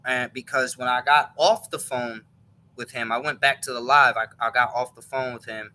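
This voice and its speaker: A man's voice: medium pitch, fairly even intonation, normal speed, sharp tone, low-quality recording. A man casually retelling a story, rambling and correcting himself as he goes, with a chuckle in his voice. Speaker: show host.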